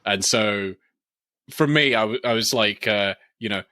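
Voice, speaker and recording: Male podcast co-host, bright and tense-edged, giggly, stop-start delivery. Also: fairly low pitch, measured pace, dry recording, clean studio sound. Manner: laughs often, hesitant restarts. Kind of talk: casual film discussion.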